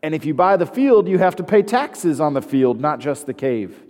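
A man's voice: on the high side, very animated, normal speed, a little mellow, long reverb tail. A man preaching a sermon, reading scripture aloud and then explaining it with casual asides. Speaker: pastor.

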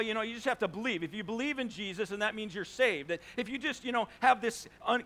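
A pastor with a notably high, sharp-toned voice delivers a sermon in a conversational way. He asks the congregation rhetorical questions and briefly acts out the people in his stories.

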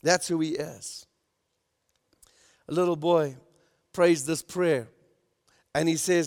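High-voiced man preaching in a reverberant hall. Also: steady tone, slow pace, long pauses. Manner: emphatic preaching, swelling loud then dropping soft. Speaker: pastor. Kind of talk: sermon.

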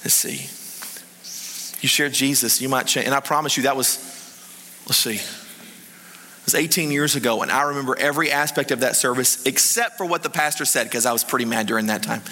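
A man preaching a sermon, telling a story in an animated way that swings between hushed and excited. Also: medium pitch, fairly quick. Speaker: pastor. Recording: reverberant hall.

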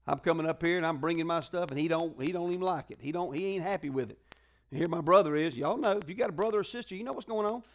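A man's voice: on the high side, fast. A male pastor preaching a sermon in a conversational, call-and-response way, full of colloquial asides to the congregation.

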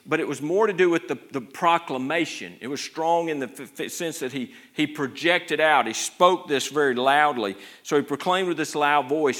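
A man's voice: fairly high pitch, normal speed, few pauses, a bit bright. A man preaching a sermon with an earnest delivery, often repeating and restarting his words.

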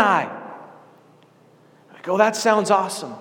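A man with a fairly high voice preaches a sermon in a storytelling way, coming back to the same phrase again and again for weight. His voice rings out with a long reverb, as in a big church hall. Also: unhurried. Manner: storytelling, repeats key phrases for emphasis. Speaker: pastor.

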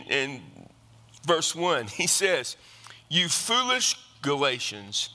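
A male pastor preaching an emphatic sermon, building to excited, fast passages. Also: a little high, big-room sound.

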